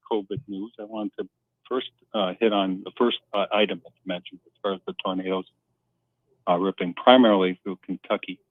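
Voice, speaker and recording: Male radio caller, earnest, halting, lowish voice, tinny phone line. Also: no room sound. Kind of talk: call-in talk radio.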